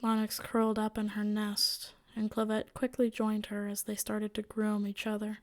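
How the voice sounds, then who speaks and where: A woman narrating a story in a steady, measured way. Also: mid-range voice. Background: faint music.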